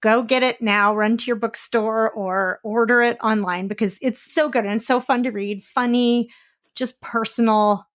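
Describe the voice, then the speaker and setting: A woman's voice: fairly high pitch, steady tone, measured pace. A woman hosting a podcast interview, praising her guest with enthusiasm. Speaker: podcast host.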